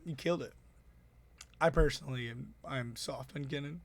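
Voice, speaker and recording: A man giving a casual, excitable, rambling breakdown of the games he played as tournament organizer. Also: medium pitch. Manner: excitable, rambling, quick asides.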